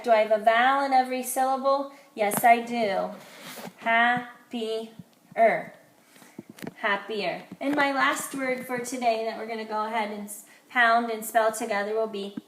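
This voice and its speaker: A woman teaching phonics to young children, her fairly high voice slowing down to sound out each letter and syllable with care. She is recorded in an echoey room. A faint hiss runs under her voice. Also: fairly even intonation.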